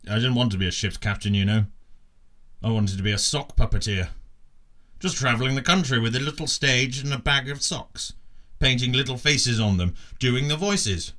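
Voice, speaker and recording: A man's voice: medium pitch, a bit bright, close to an everyday voice. A man playing a despairing sea captain who rambles through his log entries in a comic audio drama.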